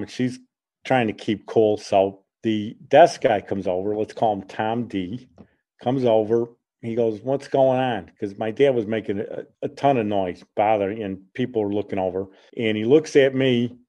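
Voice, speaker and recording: Chatty radio host in his sixties. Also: on the low side. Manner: chatty, lively when amused. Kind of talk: casual storytelling.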